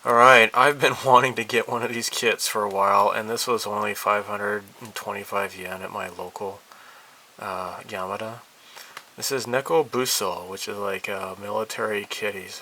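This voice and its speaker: A man's voice: on the low side, fairly even intonation, normal speed, sharp tone, a little hiss or hum, rough recording. A man hosting a casual hobby vlog from a cluttered room at home, rambling and hesitant with many fillers. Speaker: hobby channel host. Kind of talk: casual monthly update vlog.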